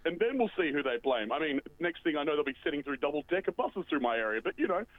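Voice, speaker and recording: A man's voice: a little high, big pitch swings, fast. A man voicing a lonely, self-pitying road bridge that rambles melodramatically, close to tears, as a guest on a comedy radio bit. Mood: excited. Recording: tinny phone line.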